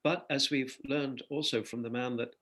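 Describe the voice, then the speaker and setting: A man's voice: mid-range voice, fairly even intonation, moderate pace, fairly bright tone. An older man from Ireland, a guest musician in an interview, telling stories reflectively with hesitant fillers. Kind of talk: interview chat.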